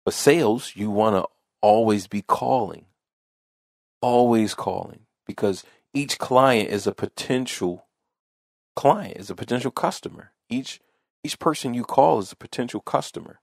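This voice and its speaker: A man's voice: mid-range voice, measured pace, creaky, no room sound, studio quality. A man hosting a podcast, telling a casual story in a rambling way that repeats phrases and restarts often. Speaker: podcast host.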